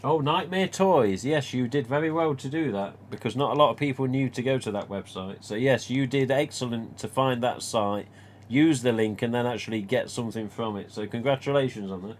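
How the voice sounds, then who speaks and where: A medium-pitched English man talks fairly quickly, with a little hiss or hum audible. He's hosting an easygoing live stream, replying to comments with wandering stories and the odd mild swear word.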